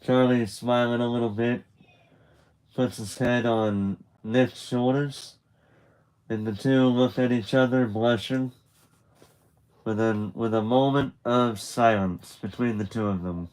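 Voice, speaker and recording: Slow, chatty man reading a story live. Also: medium pitch, fairly even intonation, darkish tone, smooth, rough recording. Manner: loose and chatty, with restarts and laughter. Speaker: live streamer reading a graphic novel. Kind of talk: casual live read-along narration.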